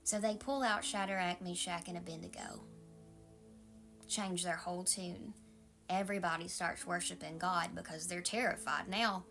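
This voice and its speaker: A woman pastor with a Southern accent, giving a calm, maternal devotional sermon and often dropping into a soft whisper. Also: fairly low pitch, normal speed, vocal fry, soft background music.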